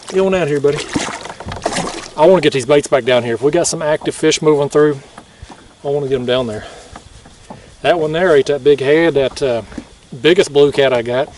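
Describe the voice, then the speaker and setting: Excited man on a kayak. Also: fairly high pitch, recorded from a distance, slight background noise. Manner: excited, chatty, laughs often. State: out of breath. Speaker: kayak fishing vlogger. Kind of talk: casual vlog narration. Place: on a kayak on open water at night.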